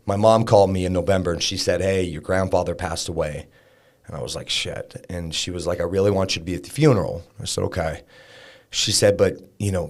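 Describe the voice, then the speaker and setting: A man in his thirties with a deep, somewhat dark voice, appearing as a podcast guest. He tells a personal story candidly and conversationally, with lots of fillers and restarts.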